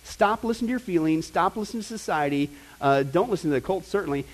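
High-voiced animated pastor. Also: male voice, fast. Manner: animated, conversational preaching with asides and mock voices. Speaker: pastor teaching a Bible class. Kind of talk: sermon.

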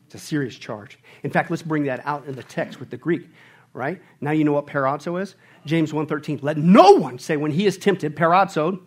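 A middle-aged man preaching a sermon, conversational and animated, often tagging his points with "right?" and acting out family stories with playful voices. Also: on the high side, moderate pace. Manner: acts out family scenes with playful put-on voices. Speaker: pastor.

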